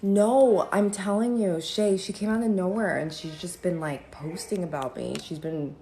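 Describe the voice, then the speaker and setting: A woman chatting on a live stream from home in a gossipy, animated way, now and then drifting into sing-song lines. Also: fairly low pitch, normal speed. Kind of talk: rambling casual live-stream chat. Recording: roomy echo with faint ambience.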